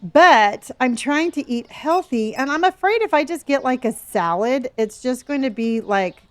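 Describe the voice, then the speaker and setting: A woman's voice: sits high, animated, a little slow. A middle-aged woman streaming a game, chatting playfully with viewers and answering their chat messages.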